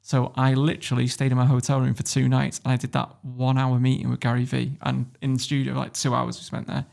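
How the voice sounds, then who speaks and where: Northern English man, podcast guest: fast, gravelly, animated storyteller, swears freely. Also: medium pitch. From Warrington, England. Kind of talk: casual interview storytelling.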